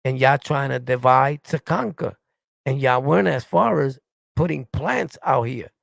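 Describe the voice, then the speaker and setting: A gravelly, middle-aged New York City man with a New York accent rants heatedly at his livestream chat, reacting and answering comments. His medium-pitched voice is a little slow and a bit bright, with no room sound. He is blunt, confrontational, and profane, repeating "you get it?"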